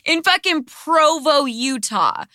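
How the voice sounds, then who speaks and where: A woman's voice: sits high, lively intonation, slow, bright, forceful tone, dry recording, clean studio sound. A woman hosting a podcast, telling a story in casual chat with dramatic flair and lots of swearing. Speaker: podcast host.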